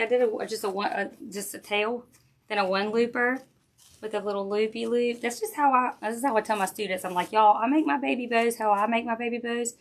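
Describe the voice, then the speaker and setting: A middle-aged woman, chatting casually with viewers while she demonstrates a craft project on a livestream. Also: mid-range voice. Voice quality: chatty, folksy, talks straight to viewers while working. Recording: faint background noise and clicks.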